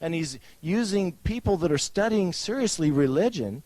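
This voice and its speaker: A man giving an animated storytelling talk who acts out the people he quotes and laughs at his own jokes. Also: high-pitched, moderate pace, no echo, rough recording.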